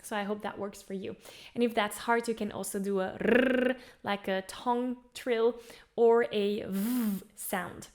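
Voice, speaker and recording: Woman vocal coach leading singing warm-ups. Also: medium pitch, steady tone, normal speed. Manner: encouraging, demonstrates exercises by singing along. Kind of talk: guided vocal warm-up lesson. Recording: faint piano music under voice. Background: piano accompaniment.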